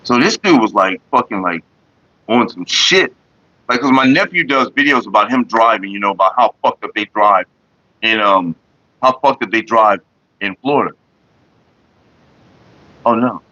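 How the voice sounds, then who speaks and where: Young guy vlogging, bright sharp voice, swears a lot, dry muffled sound. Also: lowish voice, moderate pace, long pauses, dry recording. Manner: profane, animated, laughing retelling. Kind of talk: casual storytelling.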